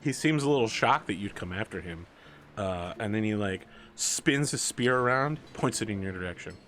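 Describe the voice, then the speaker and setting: A man's voice: fairly low pitch, animated, fairly bright tone, a little hiss or hum. A man narrating as game master in a casual tabletop game, explaining rules and describing actions with frequent fillers. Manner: describes actions in quick, halting bursts with fillers.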